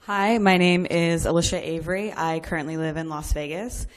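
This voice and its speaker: A woman's voice: lowish voice, steady tone, normal speed. A woman in a seminar audience eagerly introducing herself. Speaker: audience member. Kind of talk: casual self-introduction.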